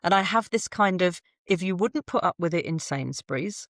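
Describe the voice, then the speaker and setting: A woman's voice: lowish voice, moderate pace, no echo. Woman, 40s, frank storyteller with a laugh; dry close mic. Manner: blunt, animated storytelling with laughs. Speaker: podcast guest. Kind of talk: candid conversational interview.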